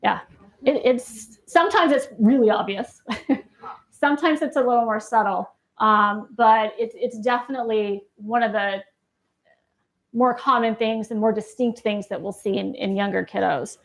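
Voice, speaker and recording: Speaking at normal speed in a slightly high voice, a woman clinician gives a live lecture in a campus lecture room. She keeps things conversational, asking the audience questions and adding "right?" after her points.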